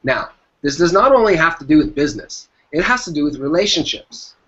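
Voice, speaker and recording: His voice sits on the high side, swinging widely in pitch, brisk and a bit bright. As an entrepreneur guest in an interview, this man emphatically shares motivational business advice and keeps repeating his key phrases. The sound quality is dull and lo-fi.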